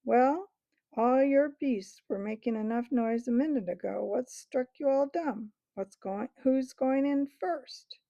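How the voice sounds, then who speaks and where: A sly male ape from a storybook who jeers and barks orders at the beasts around him. A woman puts him on, pitching up and pushing the volume. The gravelly tone sits on a dry, dull recording. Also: slow, dry recording, full character voice. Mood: jeering. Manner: sneering, taunting, shouting orders. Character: scheming jeering male ape, sly and bullying.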